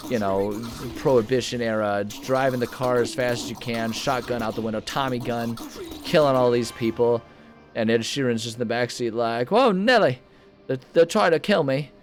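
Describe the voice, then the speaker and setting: A man's voice: mid-range voice, steady tone, moderate pace, over music. A young man giving casual, rambling commentary over a video game he is playing, joking and talking to himself. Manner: rambling, jokey, self-mocking asides. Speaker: gaming video host. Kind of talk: casual let's-play commentary.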